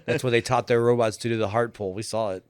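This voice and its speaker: A man's voice: mid-range voice, fairly even intonation, quick pace, a little mellow, clear, resonant tone, dry recording, clean studio sound. A man co-hosting a movie podcast in casual banter, making sardonic, profane jokes. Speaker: podcast co-host.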